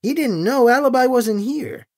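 A woman's voice: high voice, normal speed, a little mellow, voice pushed up, lightly acted. A narrator doing a laid-back female deputy. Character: casual, quirky female deputy security chief.

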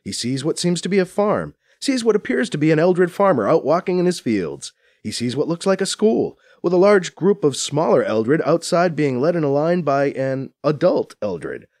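Lively male audiobook narrator. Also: moderate pace, hardly any pauses, dry recording, studio quality. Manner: expressive storytelling with lively pitch. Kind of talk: scripted narration.

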